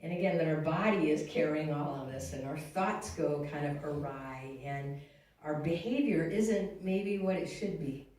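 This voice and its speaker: A woman giving a reflective, halting church talk on grief, with frequent restarts and sighs. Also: deep voice, darkish tone. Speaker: guest speaker. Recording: echoey room from far off, faint noise.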